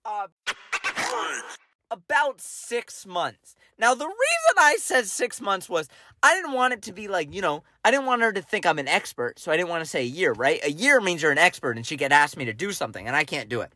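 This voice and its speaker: A young man spins a self-mocking story on a podcast, his voice jumping all over the place as he acts out each moment. The tone is bright and forceful, and the sound is close and dry. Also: high-pitched, big pitch swings, brisk, no room sound. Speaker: podcast co-host. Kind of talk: casual storytelling chat.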